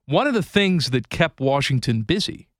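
A man's voice: on the high side, sing-song, normal speed, no room sound, clean studio sound. A man co-hosting a radio show, telling rambling self-mocking stories in comedic banter.

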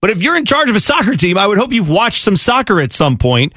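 Animated man hosting sports radio. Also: high voice, husky, no room sound, studio quality. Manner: animated, ranting, fast asides. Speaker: radio co-host. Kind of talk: sports radio banter, quiz host.

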